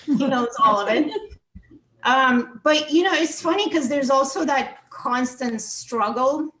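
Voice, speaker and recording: A woman in her forties from Russia, an author telling comedic stories on a video call, animated and laughing often. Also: high-pitched, a little slow. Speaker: author and comedy show guest. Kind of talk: comedic storytelling. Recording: echoey room with faint noise.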